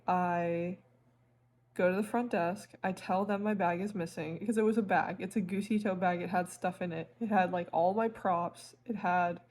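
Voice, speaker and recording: A woman crochet vlogger telling a story to camera in a rambling, animated way, often stopping to correct herself. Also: mid-range voice, a little hiss or hum. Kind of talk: casual storytelling vlog.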